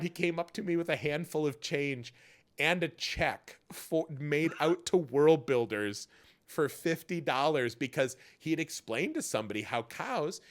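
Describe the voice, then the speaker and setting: A man hosting a charity livestream, telling stories in an animated way and swearing freely. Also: fairly high pitch. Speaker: host. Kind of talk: casual charity stream chat.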